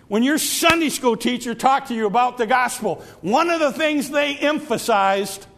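A man preaching a sermon, repeating and stretching key phrases, sometimes sinking to a hush and sometimes rising to a cry. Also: very high voice, vocal fry, a little hiss or hum. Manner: drawn-out emphatic phrases, dropping to near whispers; repeats phrases and stumbles on restarts.

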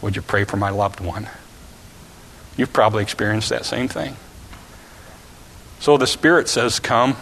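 A man preaching a sermon, telling a story with volunteers and shouting out the characters' calls. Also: medium pitch. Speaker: pastor. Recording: long hall reverb.

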